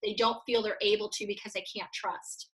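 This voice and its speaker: A woman's voice: mid-range voice, steady tone, brisk, fairly bright tone, low-quality recording. A woman guest on a podcast interview, a coach for real estate agents, explaining her ideas in a confident teaching tone.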